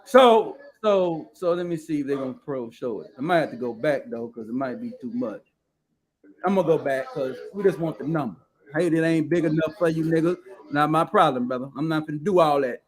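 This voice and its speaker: A man's voice: a little high, animated, a little fast. A male host giving casual live commentary while browsing, blunt and profane, rambling as he reads figures and definitions aloud from the screen.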